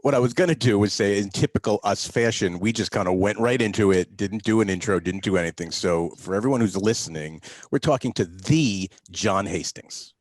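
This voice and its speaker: A man's voice: fairly low pitch, fairly quick, hardly any pauses, dry recording. A man hosting a podcast, easygoing and acting out the lines in his stories. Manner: easygoing, acts out dialogue in stories. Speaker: podcast host. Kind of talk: casual podcast chat.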